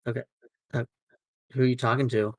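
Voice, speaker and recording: A man's voice: mid-range voice, level tone, fairly quick, darkish tone, dry recording. A man playing a character in a tabletop game, making dry, puzzled remarks. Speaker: player. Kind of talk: in-character tabletop role-play.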